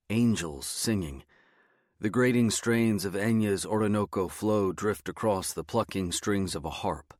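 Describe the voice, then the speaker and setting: A man narrating a novel in a measured, even storytelling manner on a close studio mic. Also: fairly low pitch, no echo. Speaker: audiobook narrator. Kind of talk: scripted first-person narration.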